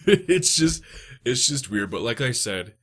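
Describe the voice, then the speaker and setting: A twenty-year-old man in casual podcast chat, swearing and laughing often, with sudden loud outbursts. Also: medium pitch, very animated, unhurried, husky.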